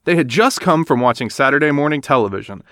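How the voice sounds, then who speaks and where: Animated man reading a storybook. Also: medium pitch, fast talker, no echo, clean studio sound. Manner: animated, expressive. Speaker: narrator. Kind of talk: children's storybook read-aloud.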